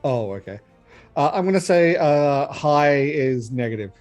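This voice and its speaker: Slow, lively-pitched male player. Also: faint music behind. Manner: hesitant, slow, filler-heavy.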